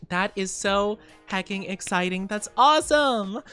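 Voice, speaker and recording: A streamer woman with a voice at a middle pitch, gushing and bubbly as she greets her chat and wishes everyone well over and over. She peppers her talk with cutesy slang, and soft music sits faintly behind her. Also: measured pace, hardly any pauses, smooth. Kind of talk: casual livestream chat.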